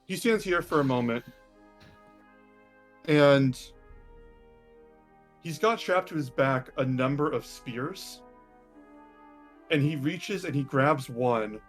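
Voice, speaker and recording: Guy running a tabletop game, chill rambly narration, mid pitch. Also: slow pace, pauses often, soft background music. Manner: relaxed, rambling, many ums. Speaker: game master.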